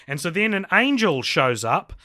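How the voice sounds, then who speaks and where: A man's voice: sits high, big pitch swings, normal speed, sharp tone. A man co-hosting a podcast, recapping a horror film in rambling casual chat with fillers and restarts. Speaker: podcast co-host.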